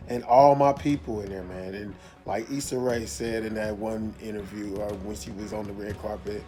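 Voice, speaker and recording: A man's voice: on the low side, fairly even intonation, moderate pace, hardly any pauses, music in the background. A man giving a casual video review of a movie, rambling, repeating himself and restarting his sentences.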